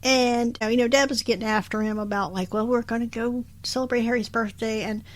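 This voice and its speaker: Woman chatting on a podcast, lively, laughs a lot, slightly high voice. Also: a little fast. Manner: animated, laughs often, acts out characters' lines. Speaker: podcast co-host. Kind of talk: casual recap chat.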